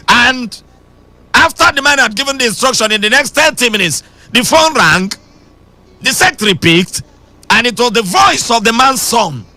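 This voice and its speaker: Bright, lively preacher man. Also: sits high, moderate pace, no room sound. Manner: emphatic preaching that swings between shouting and sing-song. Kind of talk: radio sermon.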